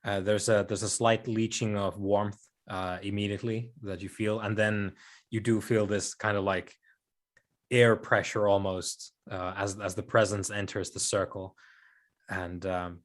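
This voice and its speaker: A man narrating as game master of a tabletop game, halting and full of fillers and laughs. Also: on the low side, level tone.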